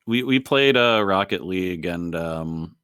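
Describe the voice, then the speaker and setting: A man with a very low voice co-hosts a laid-back gaming podcast. He rambles through his thoughts with plenty of "um"s and laughs often. The sound is dry and close, with no room echo. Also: animated, measured pace, a bit bright, clear, resonant tone. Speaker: podcast co-host. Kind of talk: casual chat.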